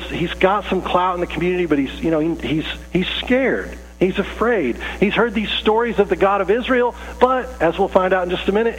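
A man's voice: high voice, a little hiss or hum, rough recording. A man preaching a conversational sermon to his congregation in a church, breaking off his sentences and acting out the people in the story. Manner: conversational, self-interrupting, acts out quoted voices. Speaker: pastor. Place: church sanctuary.

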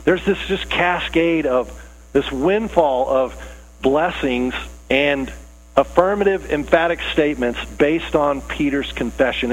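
A man's voice: on the high side, poor audio. A man preaching a conversational sermon, earnest and casual with rising emphasis. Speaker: pastor.

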